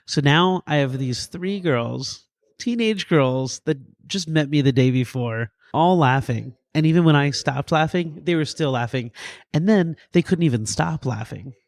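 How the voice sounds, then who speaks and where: A man in his thirties, a paramedic and emergency physician, telling a story in a podcast interview with goofy, animated energy and acted-out quotes. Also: fairly high pitch, unhurried, vocal fry, dry recording, clean studio sound. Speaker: paramedic and EMS physician guest.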